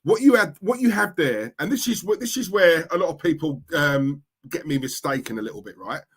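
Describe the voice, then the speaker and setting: Here the young East London host sounds a touch high and husky, expressive and fairly quick. He reads comments during a casual livestream in his Cockney accent, blunt and repetitive as he chats.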